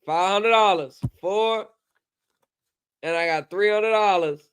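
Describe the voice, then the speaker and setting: Male livestream host, animated and profane, slightly higher voice. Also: slow, smooth. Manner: loose, profane, animated banter. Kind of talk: casual chat.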